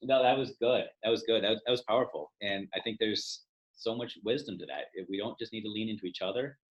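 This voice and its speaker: Podcast host dude, lowish voice, hyped and encouraging, jokes around. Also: male voice, fast talker, muffled recording. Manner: enthusiastic, affirming, playful. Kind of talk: casual interview chat.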